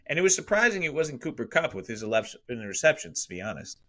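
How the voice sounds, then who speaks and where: A man co-hosting a podcast, talking fantasy football in an easygoing way, now and then clearing his throat. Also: medium pitch, very animated, fast, fairly bright tone. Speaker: podcast co-host. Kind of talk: casual fantasy football chat.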